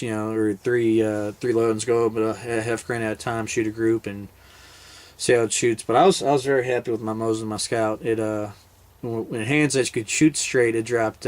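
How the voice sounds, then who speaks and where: A man, a military veteran, casually telling a hunting story in a rambling, laid-back way with many fillers and restarts. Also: on the low side.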